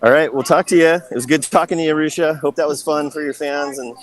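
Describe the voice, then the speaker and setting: A man reporting from a music festival, chatting in a relaxed, easygoing way on a call. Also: on the high side, fast talker, rough recording. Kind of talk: casual chat by phone call.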